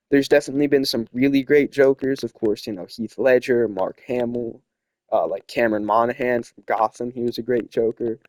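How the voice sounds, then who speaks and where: With a mid-range, somewhat dark voice and no room sound, a young host who isn't from South America runs a casual chat about his opinions. His talk wanders, is firmly opinionated, and is packed with filler words.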